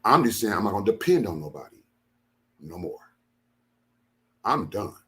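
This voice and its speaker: Emphatic low-voiced man repeating himself. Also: very animated, normal speed. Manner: emphatic, repeats phrases, swings from low and quiet to loud bursts. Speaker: minister. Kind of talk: impassioned talk to followers.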